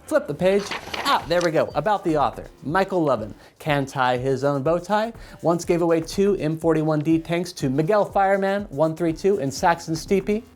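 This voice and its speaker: A man's voice: a little high, moderate pace, few pauses. A man in his thirties hosting a show, reading segments in a playful mock-fairy-tale style. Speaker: host.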